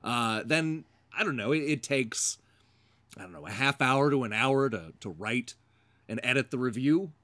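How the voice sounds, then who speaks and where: A man's voice: medium pitch, expressive, sharp tone, no room sound. A man co-hosting a casual game review chat, reading viewer comments and laughing often. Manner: slow, deliberate delivery with frequent laughter.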